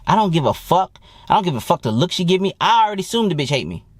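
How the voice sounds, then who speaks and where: A young man talking as a dating coach in a blunt, profane and animated casual monologue. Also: high voice, fast, husky, no echo. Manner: profane, blunt and animated, mimics people he quotes.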